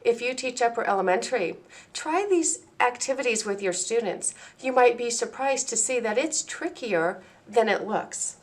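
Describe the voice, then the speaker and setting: A woman presenting a training lesson for teachers, speaking clearly and deliberately and slowing down to model words and sounds. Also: a little high, lively intonation. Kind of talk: instructional presentation.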